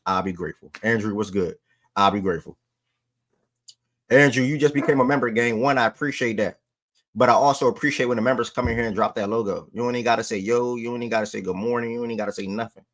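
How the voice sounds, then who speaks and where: A man's voice: lowish voice, fast talker, a bit bright. A man hosting a sports livestream, talking to his chat in loose, slangy casual speech. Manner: loose slangy talk, breaks off to call his dog.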